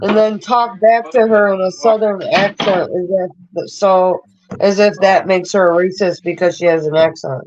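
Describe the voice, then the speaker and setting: A woman's voice: mid-range voice, fairly even intonation, moderate pace, background noise. A woman in a heated livestream argument, pressing accusations bluntly and swearing. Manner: confrontational, swearing, repeating accusations. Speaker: livestream participant. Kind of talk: heated group chat. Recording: muffled lo-fi audio.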